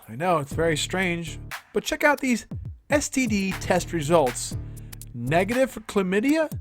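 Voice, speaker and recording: A man hosting a comedic news show, delivering crude jokes in a sarcastic, mock-serious way. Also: high voice. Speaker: host.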